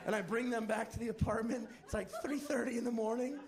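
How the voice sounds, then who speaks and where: A man doing stand-up, telling a profane story in a playful, animated way to a live audience. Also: extremely high pitch, quick pace. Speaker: stand-up comedian. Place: comedy stage before a live audience. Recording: live crowd laughter.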